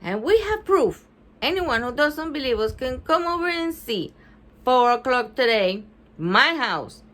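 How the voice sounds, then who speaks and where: Bold young schoolgirl, bossy, defiant, lively pitch, woman voicing her. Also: unhurried, heavily acted.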